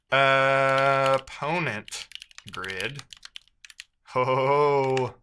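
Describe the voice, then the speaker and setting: A man's voice: mid-range voice, animated, slow pace, pushed and bright, slight background noise. A man streaming live as a programmer, thinking aloud while he codes and chatting with viewers, muttering to himself with playful asides.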